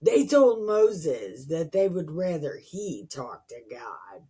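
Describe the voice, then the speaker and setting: A woman hosting a Bible reading channel, reading scripture aloud slowly and breaking in with profane, sarcastic asides. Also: low voice, very animated, warm tone, breathy edge.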